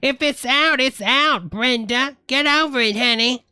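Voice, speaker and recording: A woman's voice: sits high, unhurried, pushed and bright, clean tone, dry recording. A woman hosting a comedy show, reacting to old videos with brash, sassy commentary and calling everyone honey.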